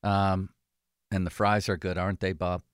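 A man's voice: low-pitched, flat delivery, moderate pace, clear, resonant tone, no echo, clean studio sound. A man hosting a sports talk show, chatting casually and giving blunt opinions.

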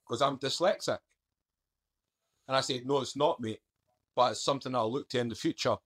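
A man recounting his story as a podcast guest, his talk casual and down to earth. He speaks with a middling pitch and slips into everyday turns of phrase as he goes. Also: a little fast, fairly bright tone, breathy edge. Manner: plain-spoken, conversational, uses "mate" and "I done". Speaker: guest, author.

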